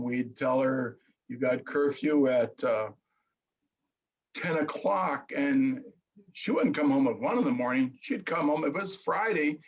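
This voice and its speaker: A middle-aged man telling his story earnestly in casual chat, halting and restarting. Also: on the high side, husky, highs cut off. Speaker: guest.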